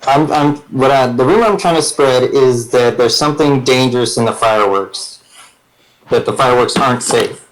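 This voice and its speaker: A man's voice: medium pitch, moderate pace, rough recording. A man playing a tabletop game who talks in a hesitant way, thinking aloud. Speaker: player. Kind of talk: casual tabletop game play.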